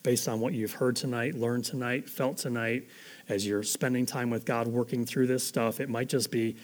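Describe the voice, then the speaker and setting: A man's voice: mid-range voice, fairly even intonation, moderate pace. Earnest, conversational male pastor. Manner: earnest, conversational, grows soft and hushed toward the end. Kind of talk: sermon.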